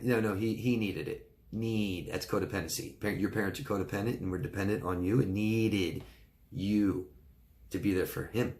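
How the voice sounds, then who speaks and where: Low-voiced man coaching earnestly. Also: normal speed, a little mellow. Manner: earnest, informal, checks in with "right?" and "okay?"; restarts and repeats words often. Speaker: life coach. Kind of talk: live Q&A advice talk.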